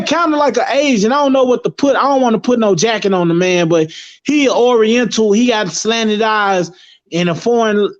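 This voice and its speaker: A man talking as a guest in casual chat, rambling and emphatic, swearing freely. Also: high-pitched. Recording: dull lo-fi recording.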